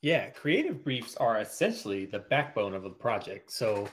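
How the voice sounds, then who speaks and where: Designer guest, fairly low male voice, steady explainer, plays out client talk. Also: moderate pace, slight background noise. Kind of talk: casual interview answers.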